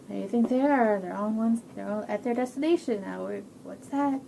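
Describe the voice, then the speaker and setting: A woman reading a children's picture book at bedtime, squeaking high voices for the animals and adding chatty asides to the kids. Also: brisk, gravelly, few pauses, mellow, slight background noise. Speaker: children's story reader.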